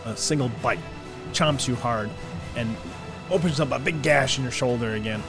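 Male game master, relaxed narration over background music. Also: medium pitch, moderate pace, gravelly. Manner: relaxed, descriptive, with fillers.

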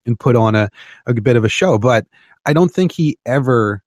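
Brief: male co-host, casual and stumbling, average pitch, dry recording. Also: lively intonation, a little mellow, no room sound. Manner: halting, repeats words. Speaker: podcast co-host. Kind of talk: casual chat.

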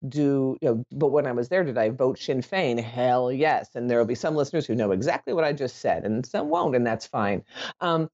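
An Irish woman talks through a casual podcast monologue, drifting between points and correcting herself as she goes. Her voice is warm and mellow, with a relaxed, loose way of swearing. The recording sounds a little dull and muffled. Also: a bass voice, brisk. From Ireland.

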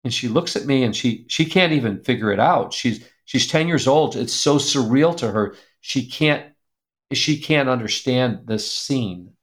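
A man speaking as an interview guest, telling an earnest, emotional story with an animated delivery that drops to a soft hush at tender moments. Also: medium pitch, measured pace. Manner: animated, acts out quoted voices. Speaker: guest speaker, publisher founder.

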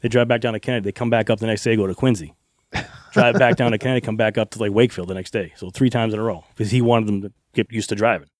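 Fast-talking middle-aged ex-wrestler telling stories. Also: male voice, lowish voice, fairly even intonation, no room sound, clean studio sound. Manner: rambling anecdotes with frequent laughs and swearing. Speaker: former wrestler guest. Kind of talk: casual storytelling interview.

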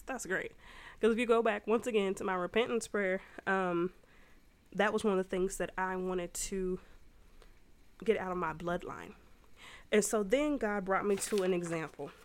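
A young adult woman hosting a faith podcast for moms, telling a personal story in a chatty, slangy way. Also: mid-range voice. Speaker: podcast host. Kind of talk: casual faith talk.

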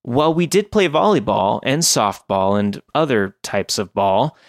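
A man narrating a scripted first-person horror story in a measured, deliberate way. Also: mid-range voice, expressive, no room sound, clean studio sound.

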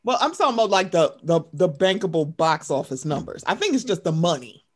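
A woman's voice: fairly low pitch, big pitch swings, a little fast, breathy edge. A woman co-hosting a casual chat, ranting emphatically and profanely, acting out quoted voices. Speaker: podcast co-host.

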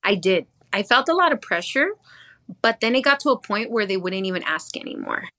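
A woman's voice: medium pitch, sing-song, a little fast, bright, forceful tone. A woman in her thirties speaking candidly in casual chat, mixing English and Spanish as she acts out her past thoughts. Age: 30s. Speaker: guest.

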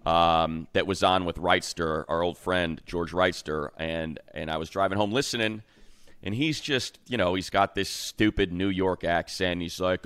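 A man talking sports as a co-host, with a very low voice. He argues his opinions hard and builds into animated rants, and the recording is dry and close. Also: unhurried, clear, resonant tone, dry recording. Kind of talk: casual sports talk.

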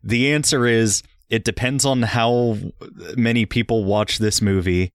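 A man's voice: mid-range voice, steady tone, measured pace, clear, resonant tone, no room sound. A young man co-hosting a casual film podcast, speaking in a dry, dismissive way. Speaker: podcast co-host. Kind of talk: casual film review chat.

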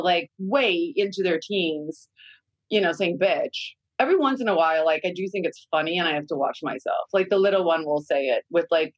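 A woman's voice: on the low side, dry recording, rough recording. A woman, a mother of young kids, chatting candidly as a podcast guest, with frequent fillers and casual swearing.

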